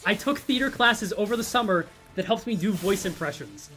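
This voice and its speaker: A man's voice: sits high, expressive, a little fast, bright, forceful tone. A man streamer chatting casually, reading chat aloud and joking. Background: faint music.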